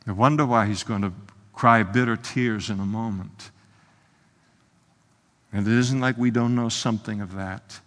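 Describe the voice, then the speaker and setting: A man preaching an expository sermon as pastor, impassioned, swinging from soft, low asides to loud, emphatic outbursts. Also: fairly even intonation, normal speed, long pauses. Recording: long hall reverb.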